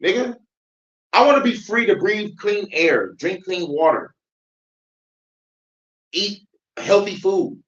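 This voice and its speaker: A man's voice: high voice, lively intonation, takes it slowly, pauses often, fairly bright tone. A man hosting his own vlog, ranting in heated, profane commentary and laughing often. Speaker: vlog host. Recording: dull lo-fi sound.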